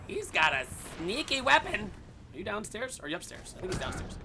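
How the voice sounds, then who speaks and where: A man giving excited, casual commentary on his own gameplay, swearing and yelling at the game. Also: high-pitched, a little fast, creaky. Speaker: gaming video host.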